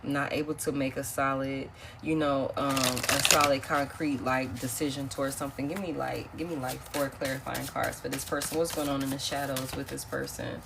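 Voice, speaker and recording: A woman does a casual tarot reading on a live stream, chatty and repetitive, laughing often and calling her viewers y'all. Her voice is extremely low with vocal fry and flat delivery at normal speed, with few pauses and some background noise.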